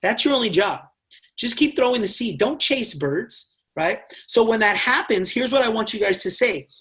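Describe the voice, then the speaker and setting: A man with a notably high-pitched voice coaches a sales team. His delivery is animated and direct, and he punctuates his points with constant check-ins to his listeners. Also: moderate pace. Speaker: network marketing trainer. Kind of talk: motivational team training talk.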